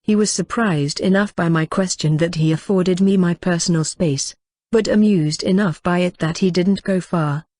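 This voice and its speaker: A woman narrating a first-person novel in a steady, even reading voice. Her voice sits on the low side and sounds close to the mic and dry, with no room echo. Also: normal speed. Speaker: audiobook reader.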